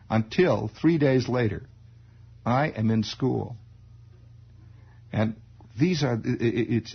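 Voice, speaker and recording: A man telling a childhood story in an animated, digressive radio monologue, chuckling as he goes, on a lo-fi 1960s radio broadcast. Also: medium pitch, slightly rough.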